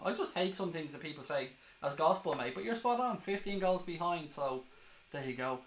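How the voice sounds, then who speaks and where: A man's voice: fairly high pitch, expressive, moderate pace, reverberant, slight background noise, poor audio. A man hosting a football fan live stream, chatting casually and swearing as he reads viewer comments. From Ireland.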